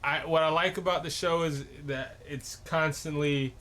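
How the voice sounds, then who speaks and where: A young man co-hosting a laid-back podcast, his voice sitting a little high. He talks haltingly, stumbling over repeated words and filling gaps with ums. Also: fairly even intonation, fairly bright tone. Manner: halting, stuttering restarts and fillers. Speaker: podcast co-host. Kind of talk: casual chat.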